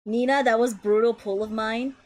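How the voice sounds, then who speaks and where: A young woman streamer giving excited, gushing gameplay commentary, laughing often. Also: a little high, moderate pace.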